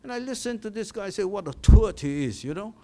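A man's voice: high-pitched, lively intonation, brisk, warm tone. An older man with a Malaysian English accent, giving an anecdotal award speech and chuckling at his own stories.

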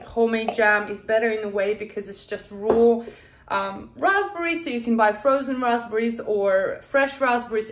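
A young woman chatting casually in a home kitchen while showing a recipe, excitable and laughing often. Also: fairly high pitch. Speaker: cooking vlogger. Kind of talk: casual cooking demonstration.

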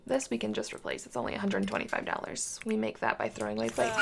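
A woman with a strongly gravelly, fry-heavy voice talks her way through a game at an unhurried pace. Her pitch sits a little high and swings around a lot. She coaxes the characters on screen like small children. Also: wildly swooping pitch, background noise. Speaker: gaming channel host. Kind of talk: casual game commentary.

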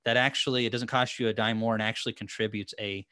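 A man's voice: lowish voice, flat delivery, fast, bright, forceful tone, dry recording, studio quality. A man hosting a casual live-stream chat, rambling and chatty, with lots of fillers and restarts. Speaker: host. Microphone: headphones and desk mic.

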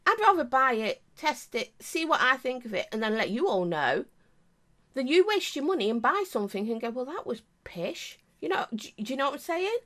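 Chatty English woman vlogger, lively. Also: sits high, a little fast. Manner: chatty and rambling, with many asides. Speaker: vape reviewer. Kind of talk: casual chat to camera.

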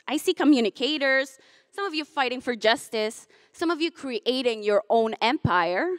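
A young graduating student gives a commencement speech in a fairly high voice. She moves between heartfelt, tearful moments and teasing jokes for her classmates. The sound is close and dry. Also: no echo. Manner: emotional, chokes up and laughs through tears, then jokes with the crowd. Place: hotel ballroom.

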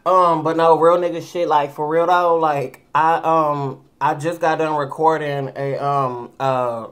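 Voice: medium pitch, fairly even intonation, measured pace. A tipsy vlogger chatting casually at home while eating, sassy, rambling and full of swearing, talking to the camera. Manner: sassy, profane and rambling, calls listeners girl. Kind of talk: casual eating-show chat. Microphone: camera mic.

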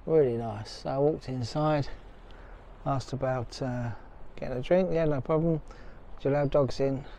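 A man's voice: medium pitch, normal speed, vocal fry, mellow, a little hiss or hum. A middle-aged man narrating a casual travel vlog in a chatty, joking way. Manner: chatty, jokey, talks playfully to his dogs. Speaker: vlogger.

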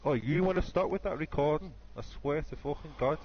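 A man's voice: a little high, a little fast, husky. Sweary agitated man, lo-fi chat. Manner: sweary, agitated, keeps saying mate and lad. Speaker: gamer on voice chat. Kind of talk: casual chat. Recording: dull lo-fi voice chat.

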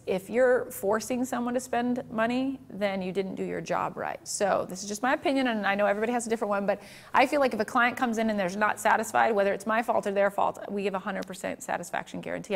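Woman, middle-aged, gravelly, photographer teaching a seminar, chatty storyteller, candid. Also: mid-range voice, steady tone, fast talker. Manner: chatty, candid, asks the room questions.

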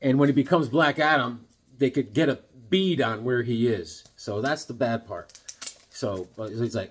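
A man reviewing comics in a casual, excitable, rambling way, full of fillers. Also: medium pitch, normal speed, husky.

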